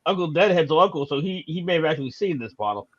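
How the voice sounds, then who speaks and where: A man's voice: on the high side, lively intonation, quick pace, slightly rough, dull audio. A man in a casual online chat, dropping wry asides.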